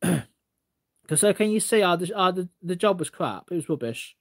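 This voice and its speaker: High-voiced man rambling on a livestream. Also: lively intonation, moderate pace. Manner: rambling, repeats himself, stammering restarts. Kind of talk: casual livestream rant, reading chat.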